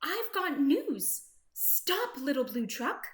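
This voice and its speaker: A woman voicing a fussy, excitable hen in a storybook, talking in an urgent, clucking way. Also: high-pitched, takes it slowly, reverberant, pitched above the performer's own voice, heavily acted.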